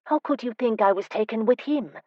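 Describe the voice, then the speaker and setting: A woman narrator voicing a spirited, teasing young woman in an audiobook, speaking with lively, emphatic delivery. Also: fairly high pitch, fairly quick, no room sound, muffled recording, pitched above the performer's own voice, close to an everyday voice. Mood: exasperated. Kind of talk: audiobook character voice.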